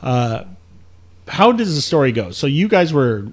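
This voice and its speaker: Animated man telling a family story. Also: a little high. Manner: animated storyteller, quick asides, seeks confirmation. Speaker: host interviewing his mother.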